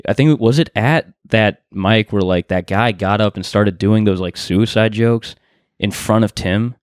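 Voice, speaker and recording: Rambling low-voiced male comic. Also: unhurried, clean tone, no echo, studio quality. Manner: rambling, filler-heavy, laughs easily. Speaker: comedian. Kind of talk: casual podcast chat.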